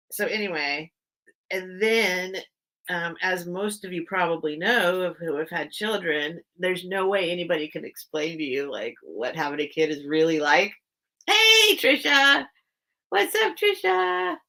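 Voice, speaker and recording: A woman's voice: mid-range voice, sharp tone. A middle-aged woman hosting a live online sale, chatting in a rambling way and greeting viewers by name. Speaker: host of a live vintage sale. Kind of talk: rambling live-stream chat.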